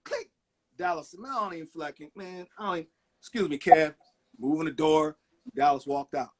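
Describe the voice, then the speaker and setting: A man's voice: fairly high pitch, brisk. A middle-aged man, a record producer, telling stories in a casual interview and acting out the people he quotes. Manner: animated storyteller acting out quotes.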